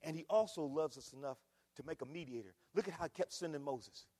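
High, husky middle-aged preacher in a hall. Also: male voice, quick pace. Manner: emphatic, swings between shouting and hushed tones. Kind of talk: sermon. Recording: long reverb of a large hall.

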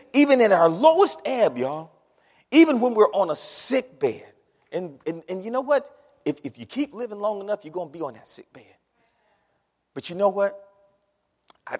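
A pastor preaching a sermon, dramatic, swinging from shouts to hushed words. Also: male voice, a little high. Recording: long hall reverb.

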